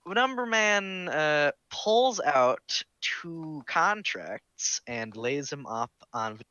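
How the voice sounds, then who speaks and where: A man's voice: on the high side, lively intonation, slow, pushed and bright, clean tone, dry recording, dull audio. A man narrating as game master of a tabletop game in online voice chat, casual and full of fillers.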